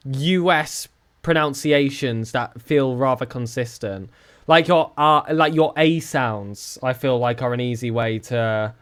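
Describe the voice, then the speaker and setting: Young man, southern English accent, slightly high voice, casual stream chat, joking, lively pitch swings. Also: clean tone. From southern England. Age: young adult.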